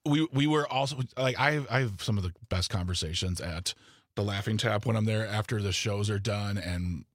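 A man's voice: lowish voice, normal speed, dry recording. Joking man radio co-host, dry sound. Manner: joking, self-deprecating, stammering restarts. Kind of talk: casual morning radio chat. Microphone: studio microphone.

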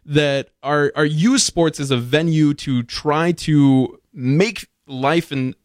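A man hosting a casual radio chat, chatty and quick to laugh, with many fillers. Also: a little high, no room sound, studio quality. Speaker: radio host.

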